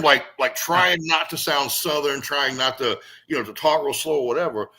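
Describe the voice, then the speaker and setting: Animated, bright-voiced man telling stories. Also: fairly high pitch, brisk, hardly any pauses. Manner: animated, rambling storyteller with many fillers. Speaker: guest, former pro wrestler. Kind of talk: casual storytelling interview.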